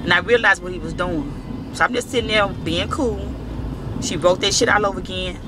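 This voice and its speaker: A man's voice: sits high, a little fast, background noise. A man telling a story to the camera in casual, profane speech, acting out the dialogue. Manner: profane, animated, acts out dialogue. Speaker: vlogger.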